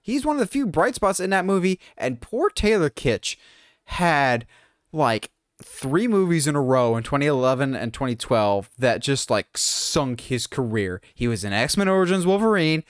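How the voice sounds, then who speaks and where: A man co-hosting a podcast in casual chat, animated and jokey, slipping into quick impressions of others. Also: a little high, no echo, studio quality. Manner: animated, jokey, mimics others in quoted asides. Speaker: podcast co-host.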